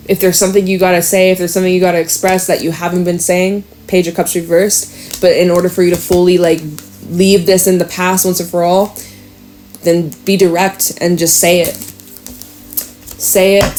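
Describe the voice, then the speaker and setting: A woman giving a casual tarot reading, chatty and excitable, swearing and laughing now and then. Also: fairly low pitch. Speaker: tarot reader.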